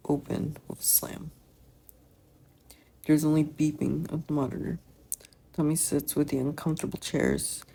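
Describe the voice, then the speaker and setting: A fan-fiction reader narrating a story aloud in a soft, subdued voice. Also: mid-range voice, gravelly, a little hiss or hum. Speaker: podfic reader.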